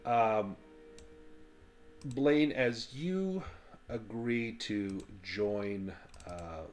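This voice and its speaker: Man game master narrating with many pauses. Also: fairly low pitch, a little mellow. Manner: halting, with many fillers.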